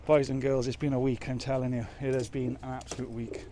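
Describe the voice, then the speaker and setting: A man's voice: mid-range voice, level tone, a little fast, few pauses, warm tone, a little hiss or hum. A man chatting casually as he loads his truck outdoors, rambling and joking at his own expense. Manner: chatty, rambling, self-mocking. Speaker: truck driver vlogger. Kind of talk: casual chat while working. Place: outdoors at a loading yard in rain.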